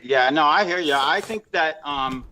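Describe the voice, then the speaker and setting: A man's voice: a little high, moderate pace, crowd noise, rough recording. A man in his fifties co-hosting a casual podcast, explaining things in a chatty way with frequent restarts. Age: 50s. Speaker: podcast co-host.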